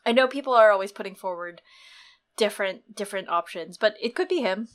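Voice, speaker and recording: A woman's voice: mid-range voice, brisk. A woman co-hosting a podcast, chatting casually and rambling about a book with many fillers. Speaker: podcast co-host.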